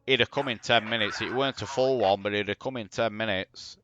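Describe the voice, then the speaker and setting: A man's voice: fairly low pitch, fairly quick, muffled recording, noisy background. A man with a Yorkshire accent, commentating a replay of his own strategy game in blunt, sweary, exasperated banter. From Yorkshire, England. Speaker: gaming commentator.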